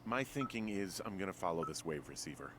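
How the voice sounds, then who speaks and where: A man voicing a middle-aged male fire lookout in a video game, talking over a walkie-talkie in a low, dry, cautious way. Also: animated, brisk, very noisy.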